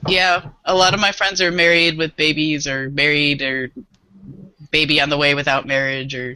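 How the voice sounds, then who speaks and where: A woman's voice: low-pitched, fairly even intonation, normal speed, sharp tone, no echo, low-quality recording. A woman who works with small children, chatting casually on a podcast and laughing often at herself. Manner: laughs often, playful and self-mocking. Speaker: early childhood educator, podcast guest.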